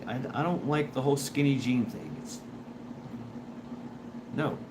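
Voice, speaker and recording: A man's voice: medium pitch, measured pace. A man hosting a casual livestream, reading chat and rambling in a stop-start way, repeating words and chuckling. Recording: steady background noise.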